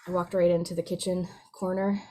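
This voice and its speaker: A woman hosting a casual chat, playful and animated, gasping and laughing as she talks. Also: fairly low pitch, a little fast. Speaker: podcast host.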